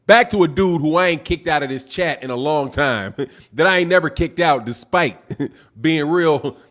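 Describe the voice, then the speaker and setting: A man with a notably high voice hosts a live boxing stream and answers his chat. He argues in a heated, profane, exasperated way and keeps his talk casual and full of slang. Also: a bit bright. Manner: talks fast with casual slang. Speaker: boxing channel host reading live chat.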